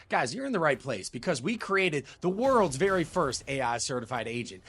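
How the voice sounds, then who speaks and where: A man's voice: high voice, fairly bright tone. A man delivering a promotional channel outro straight to the viewer. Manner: promotional, direct to camera. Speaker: channel host.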